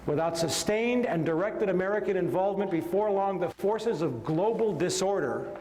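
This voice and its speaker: A man's voice: high-pitched, animated, a little mellow, slight background noise. A man reading a book aloud on a podcast, dropping in sarcastic asides between passages. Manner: measured reading broken by mocking asides. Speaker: podcast co-host. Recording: echoey room with long reverb.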